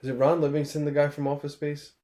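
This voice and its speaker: A man's voice: fairly high pitch, level tone, fast talker, warm tone. A man co-hosting a podcast, laid-back in casual chat, often retelling funny scenes. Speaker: podcast co-host.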